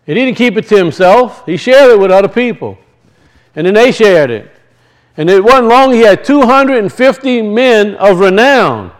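High-voiced man teaching a Torah portion. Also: expressive, moderate pace. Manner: earnest, repeats key phrases, calls for congregation response. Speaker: Bible teacher.

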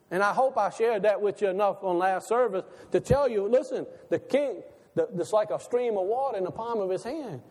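Male pastor, very high voice, animated sermon delivery with a long hall reverb. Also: normal speed. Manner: animated preaching, rhetorical questions, laughs between lines.

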